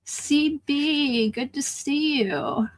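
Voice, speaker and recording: A woman's voice: sits high, drawn-out words, low-quality recording. A middle-aged woman from Chicago with a Midwestern accent, chatting casually with her viewers during a live art stream and answering their comments. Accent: American Midwest. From Chicago, USA. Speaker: livestream art host. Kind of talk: casual chat while crafting.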